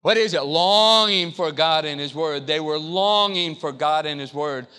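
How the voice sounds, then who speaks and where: A man's voice: a little high, a little slow, few pauses, pushed and bright, clean tone. A male pastor from the South, preaching a sermon in a church and repeating key phrases in call-and-response. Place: church sanctuary.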